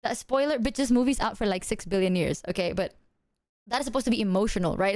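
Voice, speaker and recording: A woman streamer telling stories to her chat in a lively, profane, chatty way. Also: medium pitch, fast, dry recording, clean studio sound. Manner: animated, profane storytelling, talks to chat. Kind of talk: casual livestream chat.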